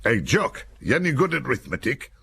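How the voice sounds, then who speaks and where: A man's voice: mid-range voice, very animated, brisk, vocal fry, a bit bright, breathy edge, pitched above the performer's own voice, exaggerated voice. A man voicing a blunt, teasing army sergeant who talks in broad dialect. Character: gruff blunt middle-aged male army sergeant.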